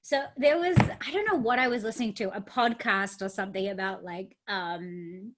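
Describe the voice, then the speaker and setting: A woman hosting a casual chat, chatty and playful as she asks quick-fire questions. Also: medium pitch, very noisy. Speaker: host.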